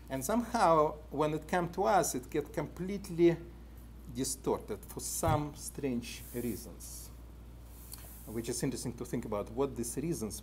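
A man giving a conference talk, speaking in short, deliberate phrases that slow and drop at the ends and then rise sharply for emphasis, with slightly non-standard English grammar. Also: mid-range voice, a little mellow, a little hiss or hum. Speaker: conference panelist.

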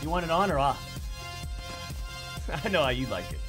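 A man in his thirties streaming games live, talking with brash theatrical swagger and sudden shouting bursts. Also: fairly high pitch, big pitch swings, normal speed, over music.

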